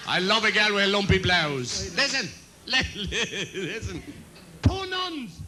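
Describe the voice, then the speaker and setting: Cheeky comedian with a bright voice. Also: male voice, sits high, sing-song, slow pace, low-quality recording. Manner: cheeky, chuckles at his own punchlines. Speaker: comedian and compere. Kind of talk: live bawdy stand-up jokes.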